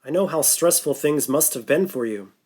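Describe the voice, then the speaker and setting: A woman's voice: low voice, animated, moderate pace, dark tone, slightly rough. A man voicing a caring female Russian crewmate with a thick Russian accent in an audiobook. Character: warm, bear-hugging female Russian crewmate.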